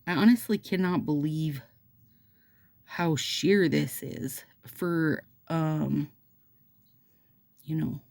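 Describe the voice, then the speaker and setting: A middle-aged woman with a Minnesota accent talks to her viewers in a low, gravelly voice. She is unhurried and mellow, and she drifts between reading a passage aloud and chatting with rambling, self-deprecating asides. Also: no echo. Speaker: nail product vlogger. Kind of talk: casual chat while doing her nails, reading astrology text aloud.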